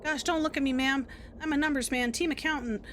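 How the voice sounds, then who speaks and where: A woman's voice: high voice, steady tone, brisk, a bit bright, a little hiss or hum, pitched above the performer's own voice. A woman doing a meek accountant man. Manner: hesitant and apologetic. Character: meek, apologetic male team accountant.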